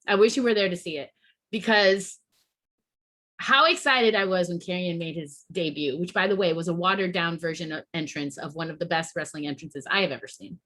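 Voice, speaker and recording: A woman's voice: fairly low pitch, a little fast, fairly bright tone. A woman hosting a podcast, venting in a heated, emotional rant full of swearing and restarts. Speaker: podcast host.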